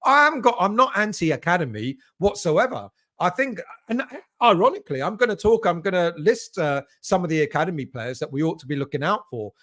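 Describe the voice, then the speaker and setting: A man's voice: sits high, sing-song, fairly quick, pushed and bright. A man from England hosting a casual live stream for football fans, rambling and greeting chat viewers by name. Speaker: fan channel host reading live chat.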